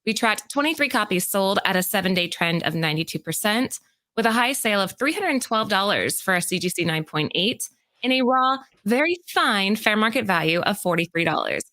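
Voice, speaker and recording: A woman co-hosting a comic book podcast, reading prepared market rundowns in a steady, informative way and chatting casually. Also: medium pitch, a little fast. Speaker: podcast co-host.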